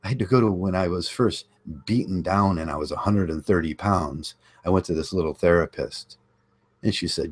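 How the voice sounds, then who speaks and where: Man, deep voice, slight rasp, blunt combative rant, repeats his points. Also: moderate pace, darkish tone. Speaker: online channel host. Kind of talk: ranting monologue.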